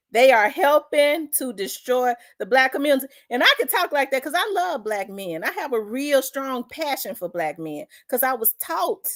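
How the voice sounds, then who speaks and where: A woman from South Memphis with a Memphis accent, hosting an opinion vlog in a blunt, profane, fired-up rant. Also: medium pitch. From South Memphis, Tennessee. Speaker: host.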